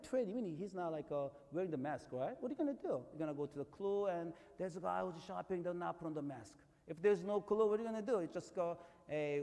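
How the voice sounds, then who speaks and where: A man with a Korean accent preaches in a loose, conversational manner, telling stories and rising into emphatic peaks. His voice sits a little high for a man. The sound carries a long reverb, as in a large church hall. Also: darkish tone. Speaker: pastor. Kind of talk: sermon.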